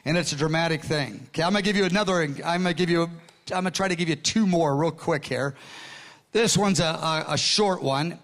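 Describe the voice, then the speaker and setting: A man in his sixties preaching a sermon, telling stories in an excited, earnest way with frequent restarts. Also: a little high, brisk. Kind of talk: sermon storytelling.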